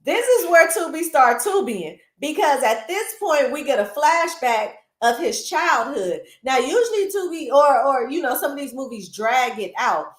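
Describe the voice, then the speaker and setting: A woman hosting a casual movie recap, animated and chatty, with lots of asides to her viewers, recorded in a roomy space. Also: high-pitched, normal speed, few pauses. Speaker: film recap host. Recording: roomy echo.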